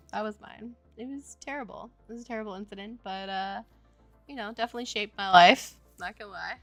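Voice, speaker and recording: A woman's voice: mid-range voice, brisk, no echo, soft background music. A woman game developer chatting casually on a livestream, telling a rambling story full of "like" and laughter. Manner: rambling storytelling, heavy use of "like", frequent laughter. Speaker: game developer streaming her work.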